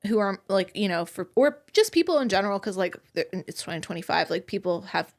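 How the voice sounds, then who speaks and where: A young woman co-hosting a podcast, telling a story in a blunt, animated way, swearing freely. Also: medium pitch, a little fast. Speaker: podcast co-host. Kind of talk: casual chat.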